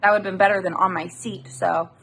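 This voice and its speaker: Woman vlogger, mid pitch, gravelly; irritated casual rant to a handheld phone in a car. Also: fairly even intonation, fast, a bit bright, slight background noise. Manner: irritated, ranting, swears casually. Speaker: delivery-driver vlogger. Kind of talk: casual chat to camera. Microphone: handheld phone camera.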